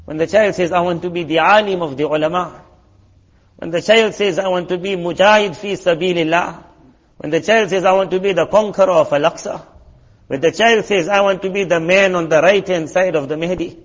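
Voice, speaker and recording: Man, preacher, high voice, lively storytelling sermon, sound effects, dull lo-fi recording. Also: a little fast.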